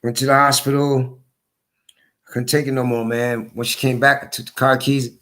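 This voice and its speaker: A hoarse man telling his story in a casual monologue, repeating his points for emphasis. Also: medium pitch, flat delivery, moderate pace, a bit bright, slight background noise. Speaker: vlogger.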